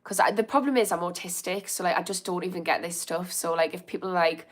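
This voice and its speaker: Speaking quickly in a fairly low voice, a middle-aged woman in addiction recovery chats openly on her livestream and reads viewers' comments aloud. She sounds slightly under the weather during this casual session.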